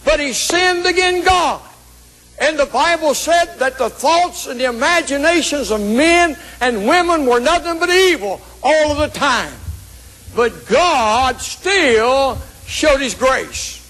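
A man's voice: very high voice, expressive, takes it slowly, a bit bright, low-quality recording. A man preaching a sermon, telling a story in a rhythmic preaching cadence.

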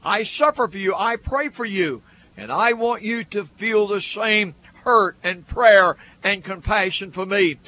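A male radio preacher delivers a sermon with an earnest, rhythmic cadence, stacking phrase on phrase. His voice sits high for a man and rings bright and forward. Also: unhurried.

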